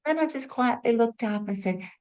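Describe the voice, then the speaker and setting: A middle-aged woman, a spiritual teacher and former nurse, telling stories as a lesson and asking rhetorical questions, moving between lively and hushed delivery. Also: a little high, normal speed. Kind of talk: storytelling teaching talk.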